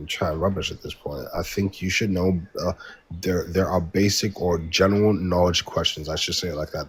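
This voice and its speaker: English man, debate guest, deep, stumbling repeats, faint hiss on the line. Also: low-quality recording. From England. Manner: hesitant, repeats words, interrupts. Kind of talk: heated online debate.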